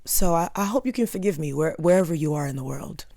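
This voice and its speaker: Woman, from Long Island, comedian, animated, low pitch, dry sound. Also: brisk, vocal fry, no echo. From Long Island, New York. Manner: animated, laughs through her stories. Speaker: comedian guest. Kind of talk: casual podcast storytelling.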